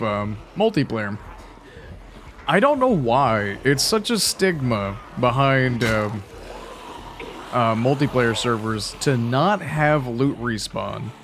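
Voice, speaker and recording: A man's voice: medium pitch, a bit bright. A man in his late twenties chatting casually and rambling through a let's-play commentary, joking at his own expense. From United States. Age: 20s. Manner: rambling, chatty, self-mocking. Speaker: gaming YouTuber.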